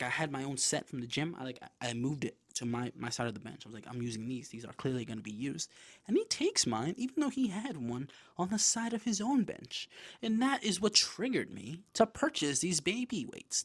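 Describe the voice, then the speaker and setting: A man hosting a podcast, telling a story in a casual, animated way, with lots of swearing and quick asides. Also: medium pitch. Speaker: podcast host.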